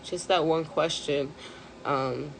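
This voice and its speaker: A woman speaking on a live stream, close to tears, hesitant and full of pauses and fillers. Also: deep voice, fairly even intonation, gravelly, slight background noise. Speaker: mental health live streamer. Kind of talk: emotional live stream talk.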